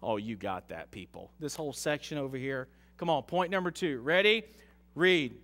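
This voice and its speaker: A man preaching an interactive sermon in a church, joking with the congregation and rising to slow, loud emphasis. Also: medium pitch, lively intonation. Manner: jokes with the congregation, leads call-and-response reading. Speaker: pastor. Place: church sanctuary. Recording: long hall reverb.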